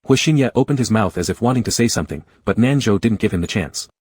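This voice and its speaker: A man narrates a romance story in a steady, unhurried read. His voice sits low and carries a husky grain. The recording is dry and close, with no room sound. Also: dry recording.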